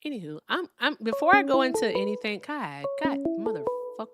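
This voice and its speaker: A woman's voice: on the high side, big pitch swings, a little fast, over loud music. Blunt, profane woman hosting a call-in stream. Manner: blunt, profane, dismissive of callers. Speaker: live-stream debate host. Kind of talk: live call-in stream talk.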